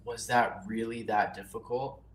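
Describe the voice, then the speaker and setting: A man's voice: lowish voice, a little slow. Chatty man teaching a livestream. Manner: relaxed, chatty, self-deprecating asides. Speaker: nature journaling teacher. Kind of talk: casual livestream demonstration.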